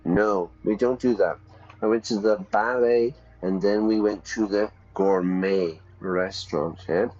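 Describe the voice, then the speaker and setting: A man's voice: lowish voice, steady tone, measured pace, a little mellow, dull audio. A man teaching English while streaming a game, chatty, explaining with examples and checking in with "yeah?".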